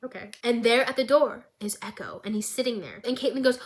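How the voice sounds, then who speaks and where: A woman's voice: on the high side, a little fast, hardly any pauses. A woman vlogger giving a casual, chaotic show recap with jokey, rambling asides.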